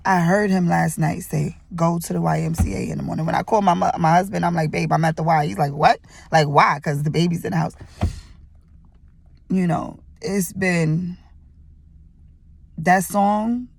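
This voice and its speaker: A woman's voice: lowish voice, vocal fry, a little mellow, no echo. A young woman in a gym telling a personal testimony in a rambling, chatty way with lots of fillers, fighting back tears as she talks. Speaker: vlogger sharing a testimony. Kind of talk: emotional personal testimony vlog. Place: indoors at a gym.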